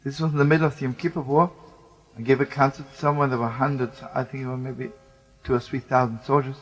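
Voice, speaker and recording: A man's voice: medium pitch, flat delivery, fast. An older man, a rabbi, tells an emotional story in a spoken storytelling style and mixes in Hebrew and Yiddish words. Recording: muffled lo-fi recording with music.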